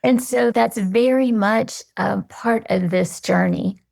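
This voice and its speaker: A woman guest on a podcast, giving earnest, measured, reflective answers. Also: fairly high pitch, vocal fry, a little mellow.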